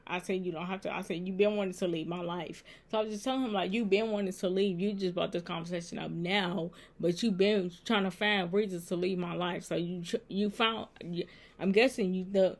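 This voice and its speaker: A woman with a low, relaxed voice talks straight to her viewers in a casual storytime. She runs through a text-message exchange line by line, marking each turn with he said or I said, and quotes both sides as she goes. She is indoors at home. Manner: retells a text exchange line by line, switching between he said and I said. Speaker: vlogger. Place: indoors at home, with a laptop nearby.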